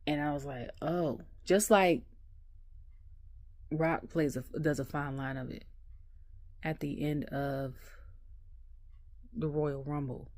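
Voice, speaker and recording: Low-voiced woman ranting animatedly. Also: a little slow, pauses often, no echo, clean studio sound. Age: adult. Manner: animated storyteller who laughs often. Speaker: wrestling review vlogger. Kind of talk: casual ranting recap. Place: home.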